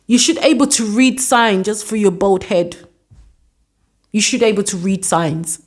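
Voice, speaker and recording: A woman's voice: medium pitch, unhurried. A woman casually recapping a reality show episode, scolding its cast in exasperated asides. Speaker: vlogger reviewing a reality show.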